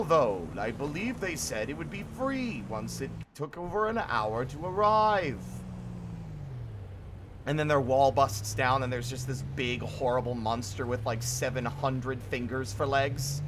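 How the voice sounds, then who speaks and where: A man's voice: medium pitch, very animated, unhurried. A man giving playful, rambling commentary while streaming a game, swearing and making up silly stories. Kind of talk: casual gameplay commentary. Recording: noisy with game car sounds.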